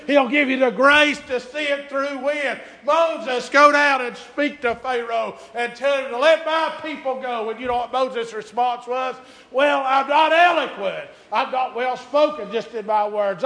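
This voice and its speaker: A man preaching a sermon in a church, shouting in a chanting preaching cadence. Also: extremely high pitch. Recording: echoey church room.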